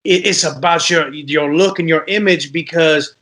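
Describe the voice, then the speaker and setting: A man's voice: fairly high pitch, moderate pace. A man from Detroit, a rapper guest, telling stories in a casual podcast interview and acting out the voices of people in them. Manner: animated storyteller, acts out voices.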